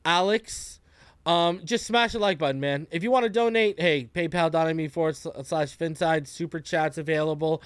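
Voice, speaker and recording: A man hosting a casual live stream, greeting viewers one by one in a relaxed, slangy way. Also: a little high, moderate pace, clean tone, dry recording. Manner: laid-back, greets viewers by name, slangy. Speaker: podcast host. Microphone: close desk mic.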